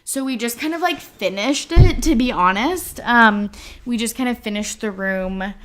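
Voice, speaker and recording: A woman's voice: fairly high pitch, moderate pace, fairly bright tone. A young woman from Canada hosting her own podcast, chatting casually with lots of filler words and casual swearing. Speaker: podcast host. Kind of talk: casual solo podcast chat.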